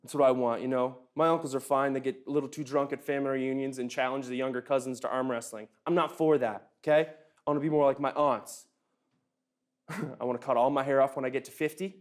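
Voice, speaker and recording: A man's voice: mid-range voice, steady tone, fairly quick. A young man doing a stand-up comedy set with a dry, self-deprecating delivery.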